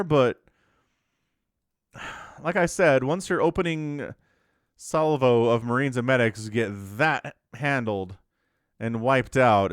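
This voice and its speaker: A man casting a strategy game match alone, with excitable, jokey play-by-play. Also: a little high, smooth, no room sound. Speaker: esports caster. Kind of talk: solo game commentary.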